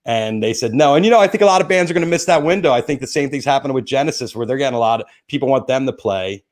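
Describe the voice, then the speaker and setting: A man's voice: mid-range voice, expressive, very fast. A man with a New Jersey accent hosting a casual interview, rambling enthusiastically with lots of restarts. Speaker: host.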